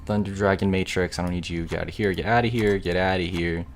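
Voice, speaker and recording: A young man chatting on a live gaming stream, excitable and grumbling, swearing casually as he talks to his viewers. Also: sits low, quick pace, soft background music. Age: young adult.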